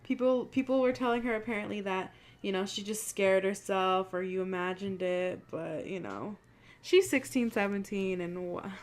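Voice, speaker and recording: A woman's voice: medium pitch, moderate pace. A young woman hosting her channel, chatting casually and telling spooky stories, swearing freely and acting out what people said. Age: young adult. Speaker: channel host.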